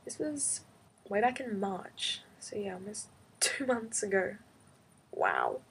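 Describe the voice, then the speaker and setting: A young woman vlogging, telling a school drama story in an exasperated, animated casual rant. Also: mid-range voice, takes it slowly, vocal fry, a little hiss or hum. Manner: exasperated, animated retelling with quoted back-and-forth. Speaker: high school student.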